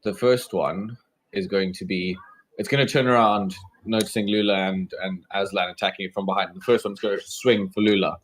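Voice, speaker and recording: A man with a low voice runs the game, talking through dice rolls and monster attacks at an easy pace. He fills gaps with ums and uhs as he narrates. A faint hiss of noise sits under the recording. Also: normal speed, rough recording. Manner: relaxed, describes combat with fillers. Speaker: game master.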